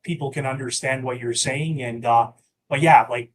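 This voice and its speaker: A man's voice: mid-range voice, steady tone, moderate pace. A man who represents the test organisation, answering in a reassuring, easygoing way with many fillers. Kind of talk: webinar Q&A.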